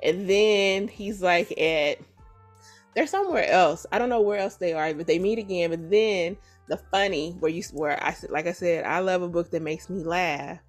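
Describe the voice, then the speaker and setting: A woman hosting a podcast who retells a story in a casual, animated and profane way. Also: lowish voice, moderate pace, soft background music. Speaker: podcast host. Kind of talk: casual chat.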